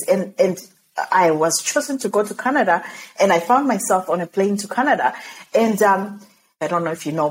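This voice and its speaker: A woman from Zimbabwe, a podcast guest, telling her story in an animated way and laughing often. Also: mid-range voice, a little hiss or hum, rough recording.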